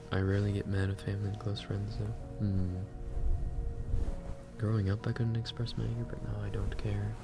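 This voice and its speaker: A man's voice: on the low side, little pitch movement, moderate pace, loud music behind the voice. A man hosting a livestream, chatting casually and reflectively while reading out chat messages. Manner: musing, self-reflective, reads chat aloud. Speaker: livestream host.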